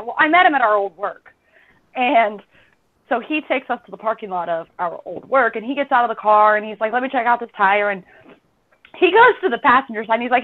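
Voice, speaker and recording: Woman, podcast host, casual chat, animated storyteller, fairly high voice, thin phone-line sound. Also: fast talker. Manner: animated storytelling, voice shooting up when she quotes herself.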